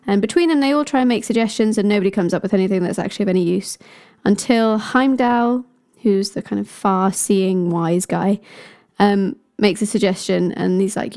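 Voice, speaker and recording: A woman's voice: medium pitch, fairly even intonation, normal speed, dark tone. A woman casually retelling a myth with chatty, jokey asides. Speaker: storyteller.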